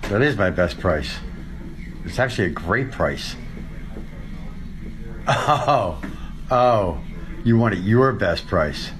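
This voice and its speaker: A man voicing a smooth adult male car salesman in a comedy skit clip, calm and matter-of-fact as he haggles. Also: lowish voice, slow, pauses often, slight background noise, voice pushed down. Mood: sly.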